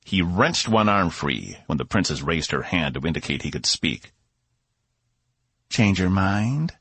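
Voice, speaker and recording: A man reads an audiobook in a low, husky voice. His delivery moves widely in pitch, and the recording is dry and close. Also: normal speed, dry recording. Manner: expressive storytelling. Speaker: audiobook narrator. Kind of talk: scripted narration.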